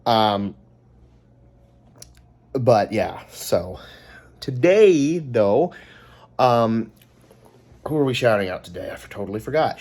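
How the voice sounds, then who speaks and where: A man with a Californian American accent talks through a casual vlog sign-off. He rambles and often stops to correct himself, with plenty of ums along the way. His voice sits in an ordinary middle pitch. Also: animated, takes it slowly, pauses often, darkish tone. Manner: rambling, chatty, with frequent ums and self-corrections. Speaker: vlogger.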